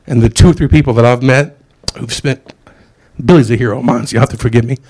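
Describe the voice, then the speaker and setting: A man's voice: mid-range voice, quick pace, a little mellow. A middle-aged man preaching a sermon in a casual, conversational way, with asides and jokes.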